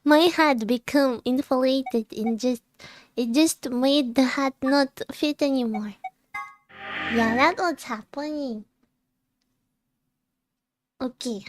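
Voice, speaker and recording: A woman's voice: high-pitched, slow pace, pauses often, no echo, faint music behind. A woman streaming a game and chatting casually, giggling often as she greets viewers one by one. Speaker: VTuber streamer. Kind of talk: casual livestream chat.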